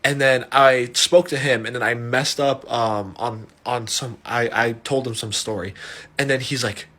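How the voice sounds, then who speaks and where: A young man telling a wild personal story in a casual, profane, animated way, with a mild stutter and restarts. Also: medium pitch, a little slow. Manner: animated, profane, self-mocking.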